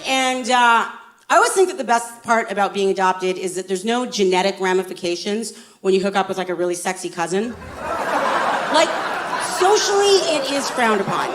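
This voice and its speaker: A woman's voice: mid-range voice, background noise. A woman doing a stand-up comedy set, brash and profane in a chatty way. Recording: live audience laughter.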